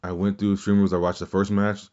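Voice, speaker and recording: A fast man with a low, level, slightly mellow voice hosts a casual wrestling podcast, and the audio sounds dull. He rambles through his opinions, curses freely, restarts sentences, and imitates quotes.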